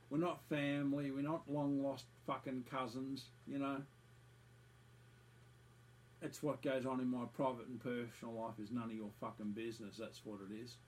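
A man's voice: mid-range voice, a little hiss or hum, poor audio. Profane ranting man. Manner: profane, repetitive, scornful. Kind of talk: angry ranting monologue.

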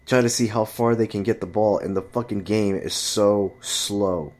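A man's voice: fairly even intonation, normal speed, darkish tone. A man ranting casually about his friends and dating, swearing often and jumping his voice up to mimic other people. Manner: profane, exasperated storytelling; jumps high to mimic chatty friends and women. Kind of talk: casual rant.

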